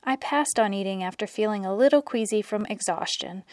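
A woman reading scripted travel narration in an even, informative way. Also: medium pitch, a little fast, hardly any pauses. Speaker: vlog narrator. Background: music.

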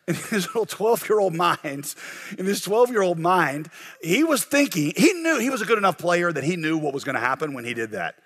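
A man preaching as a pastor, telling a lively story and acting out shouted lines before turning to a quieter lesson. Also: fairly high pitch. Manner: animated storyteller, acts out shouted quotes. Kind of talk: sermon with a told story.

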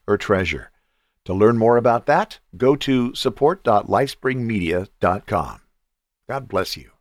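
A man's voice: medium pitch, dry recording, studio quality. Earnest, encouraging male podcast host. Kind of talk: devotional podcast talk.

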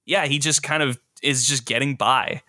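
A man's voice: medium pitch, fairly even intonation, moderate pace, pushed and bright, dry recording, studio quality. A young man hosting a casual movie podcast, talking animatedly and acting out quoted lines. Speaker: podcast host.

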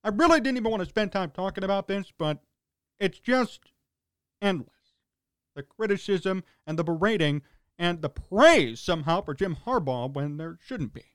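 A man's voice: sits high, animated, moderate pace, dry recording. A man hosting a sports talk radio show, ranting in a sarcastic, exasperated way in short punchy fragments.

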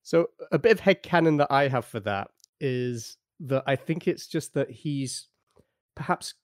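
Yorkshire guy chatting on a podcast, thinks out loud, dry close mic. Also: medium pitch, measured pace, dry recording. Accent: Yorkshire English. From Yorkshire, England. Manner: thoughtful, explaining his theory. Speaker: podcast guest. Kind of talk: casual podcast chat.

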